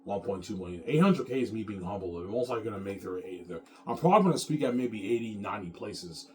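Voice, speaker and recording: A man's voice: on the low side, lively intonation, quick pace, a little hiss or hum. A man in an off-the-cuff monologue, boastful and repetitive, often adding "man".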